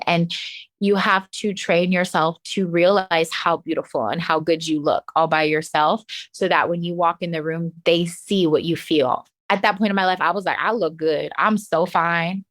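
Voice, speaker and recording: A woman with a lowish voice, speaking as a guest in a relaxed interview. She tells her stories in an animated way, breaking into laughs and acting out the voices of people she quotes. She talks like a seasoned professional dancer. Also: moderate pace. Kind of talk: casual interview storytelling.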